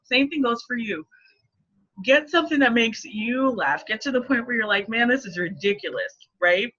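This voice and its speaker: Woman in her thirties, giggly playful coach, bright voice, muffled lo-fi recording. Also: fairly high pitch, moderate pace. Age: 30s. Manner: playful, laughs often. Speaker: marketing coach. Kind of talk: casual live teaching. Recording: dull lo-fi recording.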